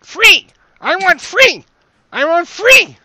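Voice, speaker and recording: A man's voice: very high-pitched, big pitch swings, takes it slowly, sharp tone, no room sound, voice pushed up, exaggerated voice, low-quality recording. Man putting on a shrieking, desperate little kobold. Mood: pleading. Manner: broken-grammar pleading shrieks. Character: small trapped kobold, whimpering and desperate.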